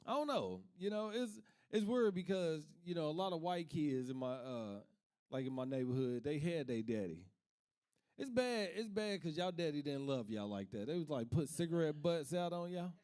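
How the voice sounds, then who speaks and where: A man's voice: fairly high pitch, lively intonation, normal speed, a little mellow, smooth. Man from Kentucky telling stand-up stories. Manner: laid-back storytelling, laughs at his own jokes. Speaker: stand-up comic. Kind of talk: stand-up comedy.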